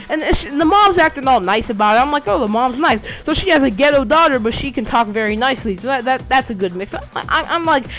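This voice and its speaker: A woman's voice: high-pitched, expressive, fast, hardly any pauses, a bit bright, faint music behind. A teenage girl, a student, recounting a school bus story in casual speech, with many restarts and fillers as she rambles along. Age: teens. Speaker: student vlogger. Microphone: game console headset.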